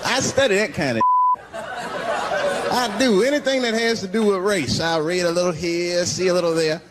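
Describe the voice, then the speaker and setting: A man's voice: high voice, normal speed. A man doing a stand-up routine, talking loosely and conversationally and throwing questions to the audience. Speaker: stand-up comedian. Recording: loud crowd and heavy noise.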